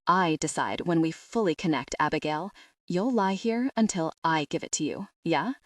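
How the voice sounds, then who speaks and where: A woman's voice: lively intonation, moderate pace, no echo. A woman voicing a possessive, murmuring lover. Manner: low, murmured, confident. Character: commanding, possessive adult man, a lover.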